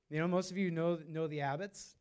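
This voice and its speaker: A man's voice: fairly high pitch, a little mellow. A man preaching a sermon in a loose, conversational way, with many fillers and restarts. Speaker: pastor.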